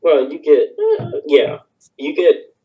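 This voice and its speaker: A man as a podcast guest, speaking casually and haltingly, often trailing off and restarting. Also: a little high, sing-song, narrow, tinny audio. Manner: hesitant, halting, mumbly. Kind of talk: casual chat.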